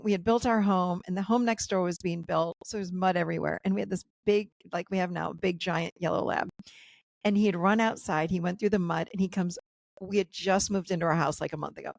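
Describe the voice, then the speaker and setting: A woman's voice: mid-range voice, brisk, vocal fry, no room sound. A woman in her fifties, a guest therapist and coach, telling personal stories in a podcast interview over a video call, acting out the voices of the people in them.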